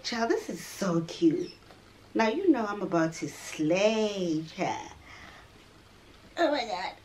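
A woman's voice: mid-range voice, very animated, slow, a little mellow, slight background noise. A young South African woman vlogging in a sassy, dramatic way, tossing in "child" and "honey". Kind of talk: casual vlog chat.

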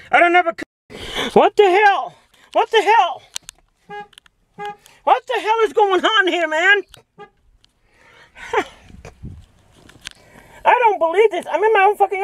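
Brief: woman, very high voice, agitated and swearing, self-shot car vlog. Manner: agitated, swearing, repeating herself. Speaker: vlogger filming from her car. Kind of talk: upset self-filmed dash cam vlog. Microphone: dash cam in a car.

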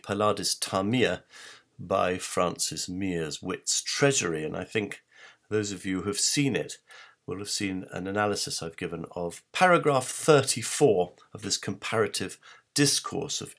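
A man walks his viewers through slides in a measured, wry tone, pausing to correct himself. His voice sits very low with a gravelly edge. He poses rhetorical questions to the audience as he goes. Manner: frequent hesitations and self-corrections. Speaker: presenter on authorship research. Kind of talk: illustrated talk walking through slides.

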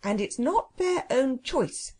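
A woman reading a children's audiobook, voicing a polite, know-it-all male phoenix who speaks slowly and formally. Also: high-pitched, expressive, warm tone, husky, pitched above the performer's own voice, full character voice. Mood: explaining. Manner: slow, stately, formal. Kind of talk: storybook reading.

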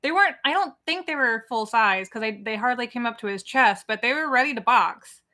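A woman's voice: fairly high pitch, expressive, a little fast, pushed and bright. A woman co-hosting a casual livestream, talking in a chatty, rambling way with many fillers. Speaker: co-host of a livestream watch party.

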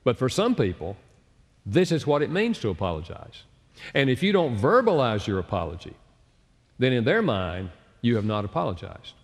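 A man with a mid-pitched voice that swings widely as he lectures, dropping into other voices to act out the people in his stories. He speaks as an author and counselor. His voice rings with the long reverb of a large hall. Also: huge pitch swings, moderate pace, breathy edge. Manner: acts out quoted people with changed voices. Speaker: author and counselor giving a talk. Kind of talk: lecture with storytelling.

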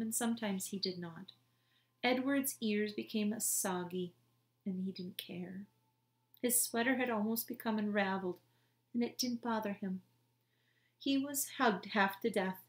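A woman reading a children's chapter book aloud in a gentle, unhurried storytelling manner. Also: medium pitch. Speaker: storybook reader. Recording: roomy echo.

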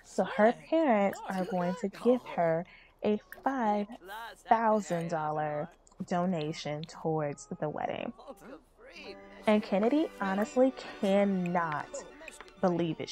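A woman's voice: mid-range voice, animated, a little slow, crowd noise. A young woman hosting a let's play, narrating her game in a chatty, slangy way. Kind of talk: casual game commentary.

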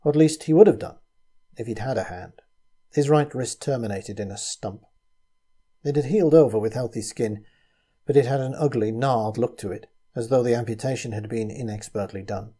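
A man narrates a story in a measured, steady way. His voice is very dark and mellow, with a husky grain to it. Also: mid-range voice. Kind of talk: scripted narration.

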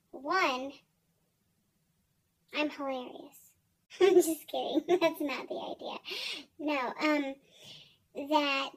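High-voiced rambling young woman vlogger. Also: rough recording. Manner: rambling, sarcastic, giggly, swears freely. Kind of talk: casual chat to camera.

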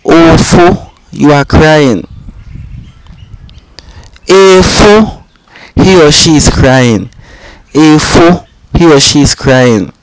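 Slow, patient teacher, a man. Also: a little high, rough recording. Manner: says each phrase twice, calm and patient. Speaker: language teacher. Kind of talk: slow, repetitive vocabulary drill.

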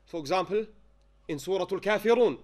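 A man teaching a Quran recitation class. He dictates notes slowly, asks the students frequent questions to check they follow, and chants verses as examples. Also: high voice, lively intonation, a little mellow. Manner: chants Arabic verses when giving examples. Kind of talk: classroom lesson.

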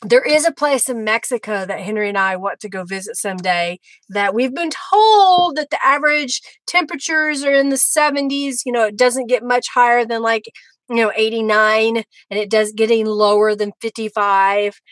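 A chatty middle-aged woman hosts a live craft demo, laughing often between remarks. Her voice sits high and bright. The sound is close and dry. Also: normal speed, no room sound, rough recording. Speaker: craft livestream host.

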